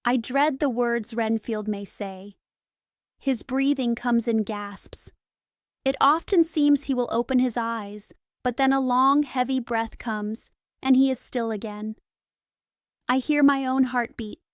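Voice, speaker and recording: A woman narrating an audiobook for English learners in a calm, careful, evenly paced reading. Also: on the high side, clear, resonant tone, dry recording, clean studio sound.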